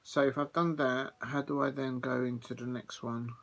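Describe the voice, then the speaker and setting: A man's voice: medium pitch, little pitch movement, normal speed, a bit bright. A man hosting a live football watch-along, chatty and rambling with plenty of fillers. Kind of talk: casual live commentary.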